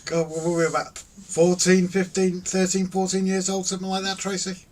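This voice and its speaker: A man's voice: high-pitched, monotone, normal speed, a little mellow. A middle-aged man hosting a casual live stream, reading out viewer comments in a teasing, jokey way and laughing often. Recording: distant mic with faint ambient noise.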